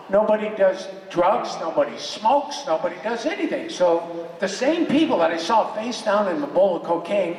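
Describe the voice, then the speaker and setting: An older man with a fairly high voice tells opinionated, joking stories to a convention crowd. He sounds far from the mic in a big echoing hall, and there is a murmuring audience behind him. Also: slight background noise. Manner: joking, opinionated storytelling with laughs. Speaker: convention panel guest. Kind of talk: animated convention panel talk. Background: audience reactions.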